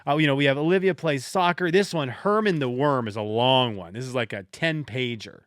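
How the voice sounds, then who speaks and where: A man's voice: medium pitch, normal speed, a bit bright, clear, resonant tone, no echo. A man hosting a podcast alone, telling stories in a rambling, self-deprecating way with frequent restarts, close to the mic. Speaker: podcast host. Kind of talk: casual solo podcast monologue.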